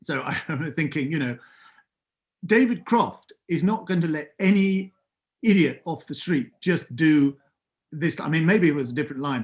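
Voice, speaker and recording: A man in his fifties with a somewhat higher-pitched voice. He is a podcast guest, telling an animated, self-deprecating story with dry humour. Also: moderate pace. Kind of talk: anecdotal storytelling.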